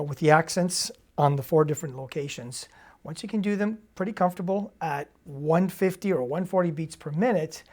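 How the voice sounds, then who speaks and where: A woman with a slightly low voice leads a drum lesson. She talks casually and explains step by step, calling out rights and lefts and counting beats. She keeps checking that the listener is following. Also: darkish tone. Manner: casual and encouraging, with fillers and check-ins. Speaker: drum teacher. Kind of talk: instructional demonstration.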